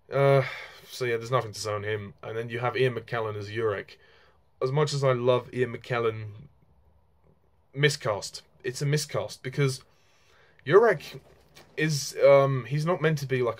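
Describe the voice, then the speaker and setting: A man's voice: mid-range voice, a little slow. Young man giving a rambling film review. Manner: rambling, frank, many fillers and restarts, occasional laughs. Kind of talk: casual spoken film review.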